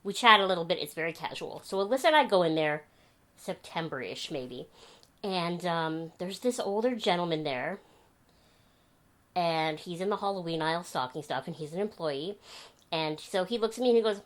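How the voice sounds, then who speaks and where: A woman's voice: lowish voice, normal speed. Chatty young woman telling stories at home. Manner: chatty, animated storytelling with laughs. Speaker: vlogger. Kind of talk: casual chat to camera. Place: home bedroom.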